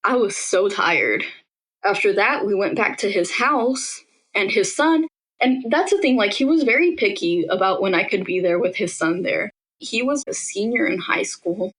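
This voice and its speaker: A woman's voice: mid-range voice, lively intonation, moderate pace, fairly bright tone, rough recording. Young woman telling her story casually. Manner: casual and conversational, with frequent "like". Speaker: podcast interviewee recounting her own experience. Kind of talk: personal storytelling in an interview.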